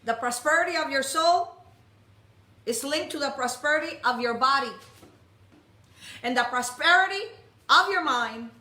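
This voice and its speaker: A woman preaches with a high, piercing voice. She is forceful and commanding, and she calls out to the congregation. The sound echoes around the temple room. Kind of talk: sermon. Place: messianic temple.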